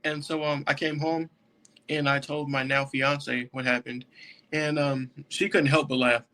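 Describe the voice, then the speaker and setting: A man's voice: mid-range voice, little pitch movement, a little slow, sharp tone. A young man, a jail deputy and podcast guest, telling a story casually and laughing often as he goes. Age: young adult.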